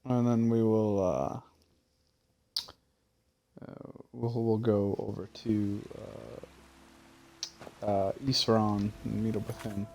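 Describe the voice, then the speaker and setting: Yawning and worn out, a young man comments on his game stream, rambling with plenty of fillers and casual curses. His gravelly, slightly mellow voice sits on the low side, with a flat, extremely slow delivery and frequent pauses.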